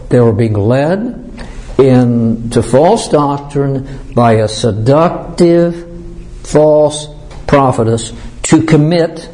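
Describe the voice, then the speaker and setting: A man preaching as a pastor, teaching verse by verse. He slows down to stress key words and often clears his throat. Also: medium pitch, warm tone, poor audio.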